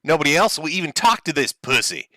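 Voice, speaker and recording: A man's voice: fairly high pitch, sing-song, fast, sharp tone, no room sound. A man hosting a livestream, talking to his chat with sarcastic, mocking commentary and frequent laughs. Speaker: streamer host.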